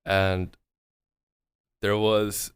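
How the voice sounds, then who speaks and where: A man's voice: on the low side, little pitch movement, very slow, smooth, no echo, studio quality. A man in his thirties streaming, telling a rambling story with lots of swearing and "right?" fillers. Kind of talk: casual storytelling chat.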